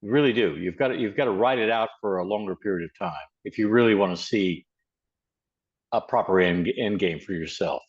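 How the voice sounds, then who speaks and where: An American man in casual chat, talking haltingly with many repeated words. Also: on the low side, lo-fi sound. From United States.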